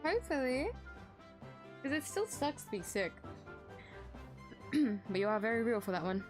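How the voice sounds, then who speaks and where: Young woman, streamer, casual chat, giggly, lively pitch, faint background music. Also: normal speed, pauses often. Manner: giggly, chatty, self-deprecating.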